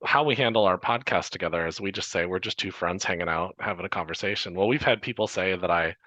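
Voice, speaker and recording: A man who hosts a podcast, talking casually and relaxed, chuckling easily and filling gaps with ums. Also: low voice, fast, dry recording. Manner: relaxed, laughs easily, chatty with fillers. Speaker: podcast host. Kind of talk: casual conversation. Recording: dry, dull lo-fi sound.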